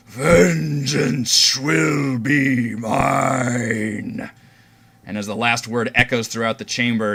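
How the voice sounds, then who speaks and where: A man narrating a tabletop game as its game master, taking his time over each scene. His voice is on the low side yet bright and forceful. His telling is slow and deliberate.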